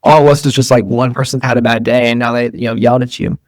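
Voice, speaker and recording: A man's voice: medium pitch, fairly even intonation, fast talker, no echo. Guy rambling thru an interview, lots of ums and restarts, dry sound. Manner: rambling, many fillers and restarts. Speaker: guest entrepreneur. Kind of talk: casual interview talk.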